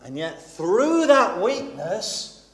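A man delivers a sermon in a chatty, animated way, his fairly high voice rising and falling widely. He slips into the voices of Bible characters as he preaches. His voice trails off into the long reverb of a church hall. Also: extremely slow. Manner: conversational, animated, acts out Bible characters' lines.

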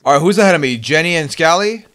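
Bright-voiced man streaming a game. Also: on the high side, fast talker. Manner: animated, bursts into yelling. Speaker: streamer host. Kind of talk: casual gaming chat with friends.

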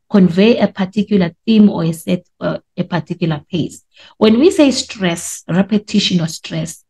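A woman teaching a class, explaining slowly with repetition and stretched words for emphasis. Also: lowish voice, mellow. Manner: explanatory, repeats points and drags out words for emphasis. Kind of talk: classroom lesson.

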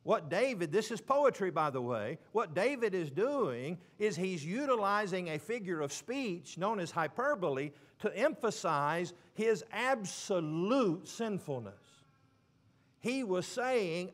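A man preaching a sermon, stressing words slowly and dropping suddenly to a hush. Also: high-pitched, very animated. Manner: emphatic, with slow drawn-out stresses and sudden quiet drops.

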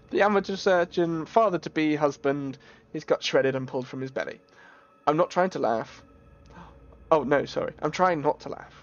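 A man streaming a horror game, talking in a jokey, excitable way with yelps and laughs. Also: a little high, normal speed, highs cut off. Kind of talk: gaming commentary.

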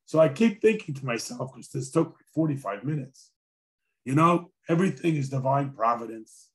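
A man who is a rabbi gives a conversational lecture, telling a story with dry humor in a hoarse voice. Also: medium pitch, expressive, normal speed. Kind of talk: sermon-style lecture with storytelling.

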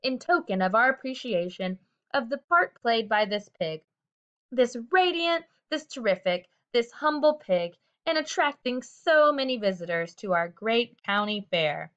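A woman voicing a pompous male fair announcer who speechifies formally over a loudspeaker, in a storybook reading. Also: on the high side, lively intonation, measured pace, clear, resonant tone. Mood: grandiose. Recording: dull lo-fi recording.

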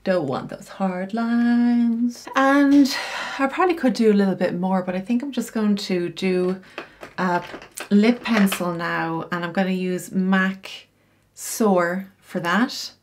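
A middle-aged woman, a style coach with a mid-range voice, walks through her makeup routine at a measured pace. Her tutorial is chatty and explanatory, sprinkled with casual asides.

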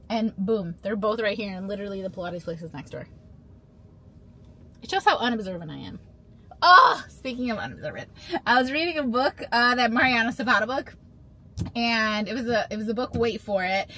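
A vlogger and mother in her thirties chats loosely to her phone camera from the car and while out, sharing playful, rambling anecdotes. Her medium-pitched voice has a sharp tone, and there's a little hiss or hum.

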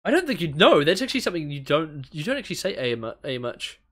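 A man's voice: a little high, very animated, quick pace, fairly bright tone. A man with a New Zealand accent chatting casually as a podcast co-host, rambling and laughing as he talks. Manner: rambling, laughing, restarts sentences often. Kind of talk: casual chat.

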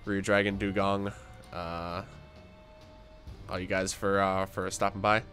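A man's voice: sits low, level tone, measured pace, a bit bright, soft background music. Sick, tired young man livestreaming a game. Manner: chatty, reads chat aloud, frequent fillers and restarts. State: sick and tired, croaky voice cracks. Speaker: gaming livestreamer. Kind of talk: casual livestream commentary.

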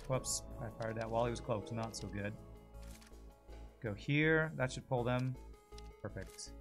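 A man's voice: mid-range voice, a little slow, soft background music. Chatty man streaming a strategy game. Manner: chatty, thinks aloud and answers viewer messages. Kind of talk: casual live gameplay commentary.

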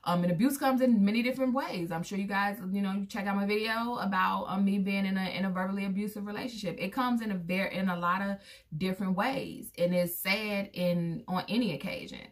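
A woman speaking straight to her viewers in a casual, candid vlog. She's a mother sharing opinions in a mid-range voice. When she quotes people, her voice jumps up sharply to act them out. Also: fairly quick. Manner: acts out quoted voices with big pitch jumps. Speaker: vlogger; parent of a son.

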